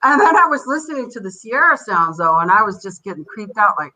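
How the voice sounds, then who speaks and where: An older woman tells her stories in a bright, forward voice. She rambles from one thing to the next and acts out the people she quotes. She talks as a guest on a casual podcast. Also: mid-range voice, expressive, quick pace, poor audio. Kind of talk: casual interview storytelling.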